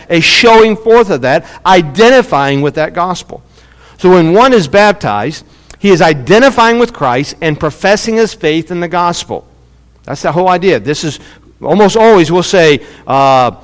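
A man preaching a sermon, teaching in an animated, emphatic way and repeating his points. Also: sits high, long reverb tail. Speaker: pastor.

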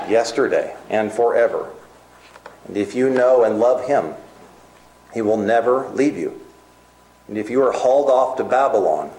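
A man preaches with earnest emphasis, slowing to a measured pace on his key points and hurrying through others. His voice sits fairly low. The sound carries a roomy echo. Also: darkish tone. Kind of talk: sermon.

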